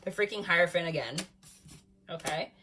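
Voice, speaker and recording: A woman giving a casual tarot reading to camera, excitable, often saying "freaking" and "like", swinging from calm talk to loud laughing outbursts. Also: fairly low pitch, moderate pace, a little hiss or hum. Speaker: tarot reader.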